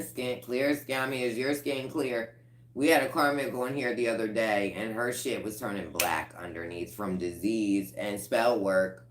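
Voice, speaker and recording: A woman's voice: very deep voice, roomy sound. A woman giving a casual tarot collective reading, blunt and profane, breaking into laughter often. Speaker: tarot reader.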